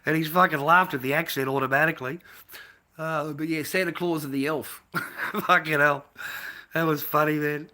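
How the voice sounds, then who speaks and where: Sweary Australian man, bright voice. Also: a little high, steady tone, moderate pace. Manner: profane, rambling, laughs often. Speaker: mask maker and live streamer. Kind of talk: casual live-stream rant. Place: at home.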